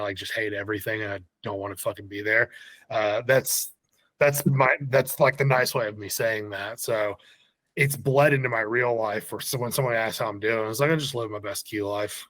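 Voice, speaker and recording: A man's voice: medium pitch, fairly bright tone, no room sound. A man chatting on a podcast in a wry, sardonic way. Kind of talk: casual chat.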